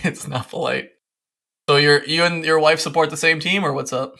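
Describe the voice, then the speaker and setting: Male podcast host, fairly high, bright voice; animated, chatty storyteller. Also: normal speed, creaky. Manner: lively, animated storytelling with playful asides. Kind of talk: casual podcast chat.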